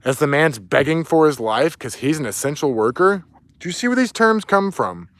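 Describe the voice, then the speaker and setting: A man's voice: fairly high pitch, very animated, moderate pace, dry recording. Angry, profane man ranting. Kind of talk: ranting monologue. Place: outdoors near woods, with dog.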